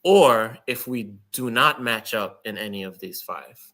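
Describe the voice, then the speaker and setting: Bright-voiced American man, teasing co-host. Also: measured pace. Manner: teasing, doubtful, big swings in pitch when joking. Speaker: podcast co-host. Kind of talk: casual chat.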